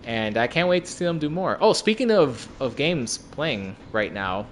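A man's voice: mid-range voice, big pitch swings, moderate pace, slight background noise. A young man in casual chat about video games, laid-back, swearing freely and repeating words as he talks.

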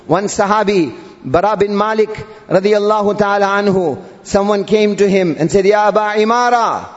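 A man's voice: sits high, normal speed. A male preacher delivering a sermon, drawling and repeating Arabic terms with rising emphasis. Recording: dull audio in a long-reverb hall.

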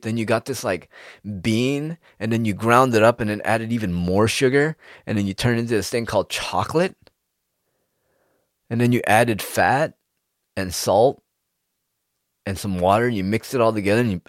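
Animated, profane young man. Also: no echo, clean studio sound. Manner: animated, profane, rambling with sudden pitch jumps. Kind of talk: casual monologue.

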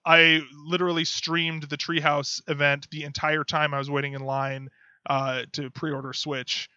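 Bright-voiced man hosting a podcast. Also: a little high, flat delivery, normal speed, smooth, dry recording. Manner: chatty, leads the conversation. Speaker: podcast host. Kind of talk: casual podcast chat. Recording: dry, dull lo-fi audio.

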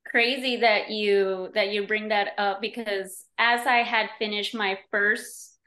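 Female guest voice, conversational and animated, medium pitch, roomy sound. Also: slow. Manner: animated storyteller, many fillers. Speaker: podcast guest. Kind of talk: casual conversation.

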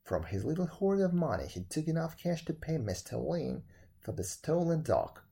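A man reading a folk tale aloud as narrator, with dramatic, expressive delivery. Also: fairly high pitch, moderate pace, creaky, husky.

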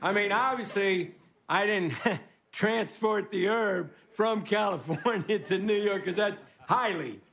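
A man from Texas giving a rambling, deadpan, self-mocking stand-up monologue as guest host on a stage before a live audience. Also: sits high, a little slow, creaky. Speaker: comedy show guest host. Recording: roaring studio audience laughter.

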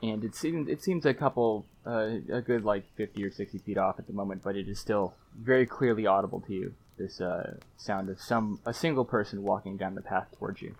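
A man's voice: lowish voice, a little fast, hardly any pauses. A man narrating as game master, searching for words with frequent fillers and restarts.

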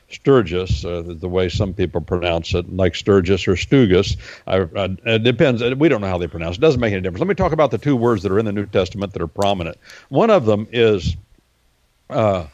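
A low-pitched man holds forth on a talk radio show, circling back to his points and filling gaps with "uh". His voice comes through dull and lo-fi, with a dry sound and no room echo. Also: darkish tone. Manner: explanatory and repetitive, with many fillers. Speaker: regular Bible-history guest.

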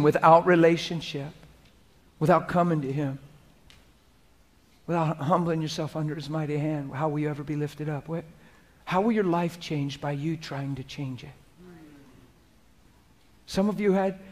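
Earnest preacher man, somewhat high voice. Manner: moves from hushed, soft-spoken prayer to loud animated preaching; earnest, conversational preaching, addressing the room directly. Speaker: pastor. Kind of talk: sermon. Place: church hall before a congregation.

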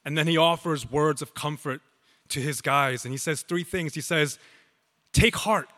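A man preaching a sermon as pastor, slow and emphatic with dramatic pauses. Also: a little high, fairly even intonation, fairly bright tone, big-room sound.

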